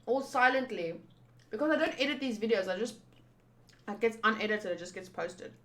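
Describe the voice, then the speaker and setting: A woman's voice: fairly high pitch, normal speed, a bit bright. A young woman in her twenties hosting a casual manga readthrough, chatting and reacting as she reads. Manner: chatty, thinks aloud, reacts. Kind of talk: casual reading commentary.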